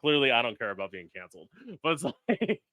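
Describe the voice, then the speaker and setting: A man's voice: medium pitch, very animated, fast talker, bright, forceful tone, dry recording, clean studio sound. A man hosting a casual podcast chat, blunt and profane, acting out quotes as he talks. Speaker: podcast host.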